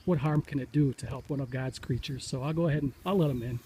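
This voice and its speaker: A man's voice: mid-range voice, quick pace, slight background noise, lightly acted. A man doing a frightened little old lady. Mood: relenting. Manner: alarmed and firm, later softening. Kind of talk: told storybook fable.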